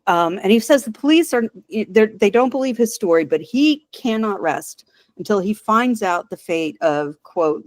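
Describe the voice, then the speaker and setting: Woman podcaster recapping an episode, animated and laughy, dry close sound. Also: medium pitch, normal speed, dry recording. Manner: animated, laughs often, retells scenes. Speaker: podcast co-host. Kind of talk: casual chat recapping an episode.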